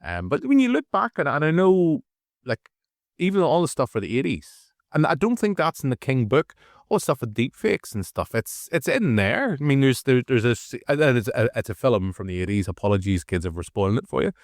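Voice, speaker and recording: A Northern Irish man co-hosting a movie review podcast, rambling casually with restarts and animated asides. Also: mid-range voice, fairly quick, dry recording, studio quality. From Northern Ireland. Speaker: podcast co-host.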